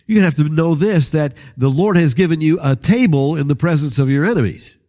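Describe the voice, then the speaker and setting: A man's voice: on the high side, a little fast. A man preaching a storytelling sermon, talking straight to his listeners in a conversational way. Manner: animated, conversational, addresses listeners directly.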